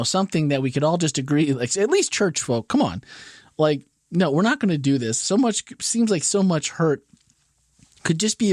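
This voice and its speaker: A man's voice: fairly high pitch, dry recording, clean studio sound. A man hosting a casual church podcast, musing aloud in a thoughtful, rambling way with frequent restarts. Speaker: podcast host.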